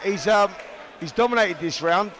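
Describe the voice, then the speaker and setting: Male Cockney ringside commentator, chatty and repetitive, high pitched. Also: moderate pace, fairly bright tone, some chatter behind. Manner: chatty, matey, repeats himself. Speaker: boxing commentator. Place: boxing arena.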